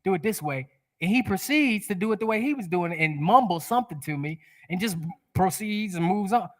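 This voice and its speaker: A man's voice: high-pitched, fairly quick. A man giving a spiritual sermon to a congregation, telling a personal story with animation and laughing at himself. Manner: animated, laughs at his own stories. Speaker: guest speaker. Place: church sanctuary.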